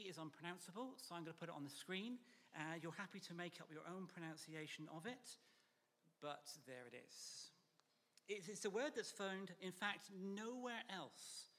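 A man preaching a sermon in a church, measured and emphatic, sometimes dropping to a near whisper. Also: on the high side, a bit bright, long reverb tail.

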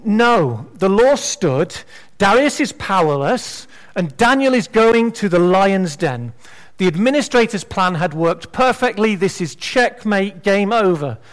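A man preaches a sermon in a notably high voice. He speaks in an animated, conversational way and drops wry, humorous asides between his points. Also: measured pace.

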